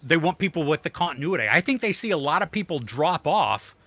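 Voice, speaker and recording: Man, middle-aged, podcast co-host; bright tone, loose rambling chat with fillers. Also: on the high side, very animated, brisk. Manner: rambling, lots of fillers and restarts. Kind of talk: casual chat.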